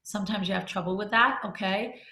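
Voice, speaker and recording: A woman's voice: mid-range voice, fairly quick, bright, forceful tone. Candid storytelling woman, echoey room. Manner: candid, conversational, with restarts and laughs. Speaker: group discussion leader. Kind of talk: personal storytelling in a group talk.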